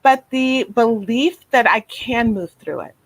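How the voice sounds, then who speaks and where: A woman speaking as a guest therapist in an interview over a video call, gentle and reflective, with many fillers and restarts. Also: fairly high pitch, animated, a little slow, poor audio. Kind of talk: casual interview talk.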